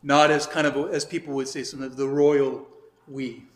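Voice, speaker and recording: A man's voice: mid-range voice, flat delivery, normal speed. A man, a priest, giving an informal catechism class, explaining in a chatty way with asides and reading scripture aloud. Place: church hall or classroom. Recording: echoey room.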